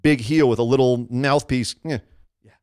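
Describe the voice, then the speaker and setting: A man's voice: mid-range voice, smooth, no room sound. Opinionated male podcast co-host, dry sound. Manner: animated, opinionated, quick to act out quotes. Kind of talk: casual wrestling chat.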